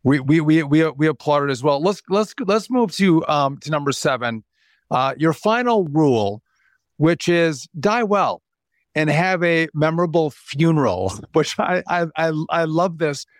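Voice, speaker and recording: A man hosting a casual interview, stammering and repeating words as he sets up questions. His voice is a touch high and the sound is dry and close. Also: lively intonation, a little slow, dry recording. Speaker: podcast host.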